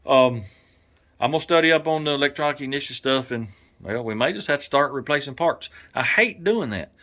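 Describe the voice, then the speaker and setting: A man with a Southern American accent talking casually in a garage workshop, rambling and folksy, thinking out loud with lots of fillers. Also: mid-range voice, animated, brisk. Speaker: garage YouTuber and mechanic. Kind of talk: casual workshop vlog talk.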